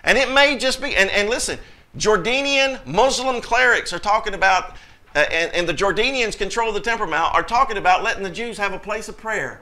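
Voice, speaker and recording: A man's voice: sits high, animated, a little fast, bright, forceful tone. A man preaching a sermon as pastor, emphatic, with sudden bursts and scripture quoted in a raised voice.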